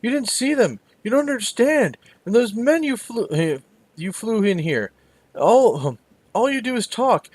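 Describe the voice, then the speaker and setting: A man voices a rescued young woman in a game, high-pitched and strained. She sounds insistent and haunted, and she pushes hard at those who only talk. The room is dry and close. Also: sing-song, measured pace, a little mellow, no room sound, exaggerated voice. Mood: accusing. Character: frightened, bitter young woman, rescued daughter.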